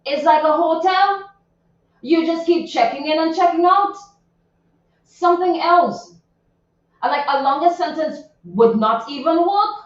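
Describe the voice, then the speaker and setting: Speaking with a very high-pitched voice at a measured pace and pausing often, a morning radio host discusses a viral social media story. Her tone is chatty and indignant, with many asides, and the studio recording is very echoey, distant and dull.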